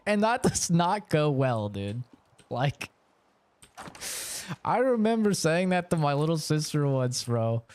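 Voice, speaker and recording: A young gaming streamer chats casually on a live stream, rambling candidly, cursing freely and laughing a lot. His voice is slightly high and darkish, with a sing-song lilt and an unhurried pace.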